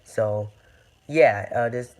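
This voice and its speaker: A man's voice: medium pitch, slow pace. A young man giving a rambling casual update on his video series, full of fillers and restarts. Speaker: YouTube game-series creator.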